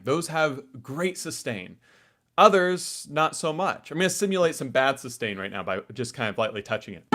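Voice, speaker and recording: A man's voice: mid-range voice, fairly bright tone. Chatty man teaching ukulele. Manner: casual, chatty explanations with many asides. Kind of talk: live online music lesson.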